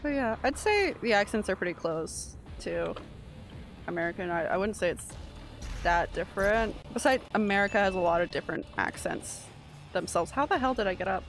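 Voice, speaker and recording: A woman from Canada chats casually while streaming a game, swearing and yelping at the action. Her mid-range voice has a gravelly fry. Faint music plays behind her. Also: mid-range voice, expressive, moderate pace. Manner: casual, swears and reacts loudly to gameplay. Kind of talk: live game streaming chat.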